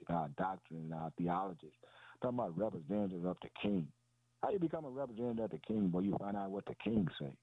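A man with a low voice preaches a sermon. He builds on repetition, asks his own questions and answers them, and throws "boy" and "man" between phrases. The sound is dry and tinny, like a phone line. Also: no room sound. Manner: peppers phrases with "boy" and "man", calls out "Hallelujah".

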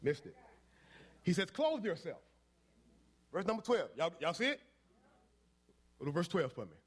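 A male pastor preaching a sermon, swinging between quiet asides and shouted, repetitive declarations. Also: on the high side, sing-song, normal speed, slightly rough.

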